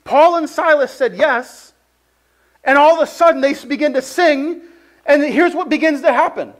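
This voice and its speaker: A man's voice: extremely high pitch, normal speed. A man preaching a sermon in a casual, conversational way, telling a personal story and often saying "like". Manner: conversational, heavy use of "like", animated storytelling.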